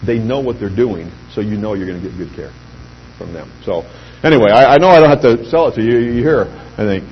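A middle-aged man giving an anecdotal pitch speech to a live audience, telling lively stories and acting out quoted voices. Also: a little fast, husky. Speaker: speaker addressing a sales audience. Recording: dull lo-fi recording with faint hum.

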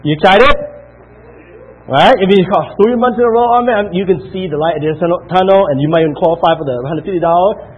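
Husky, fairly high male speaker firing questions at a sales crowd, tinny phone-like audio. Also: quick pace. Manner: peppers the room with questions; counts out loud. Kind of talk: motivational talk to an audience.

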